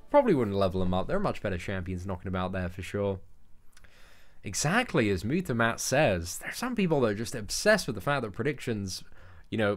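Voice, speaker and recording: A young man with an English accent, chatting casually on a live stream and answering viewers' questions off the cuff. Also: fairly low pitch. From England. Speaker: gaming streamer.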